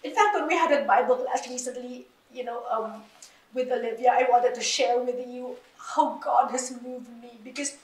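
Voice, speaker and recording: A woman's voice: sits high, normal speed, distant mic. Emotional woman telling her story, echoey room. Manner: emotional, animated storytelling, laughs through tears. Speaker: guest. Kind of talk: interview, personal story.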